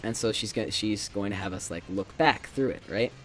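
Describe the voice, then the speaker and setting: A teenage boy chatting casually while gaming, telling animated stories and acting out his classmates' lines. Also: lowish voice, moderate pace. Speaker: gamer chatting while playing. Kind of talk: casual chat. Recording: faint game music behind.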